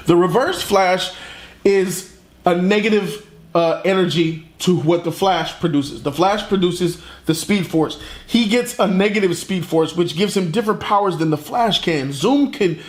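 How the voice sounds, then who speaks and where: Slangy guy doing a comic review, high voice, echoey room. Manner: slangy, profane, animated retelling.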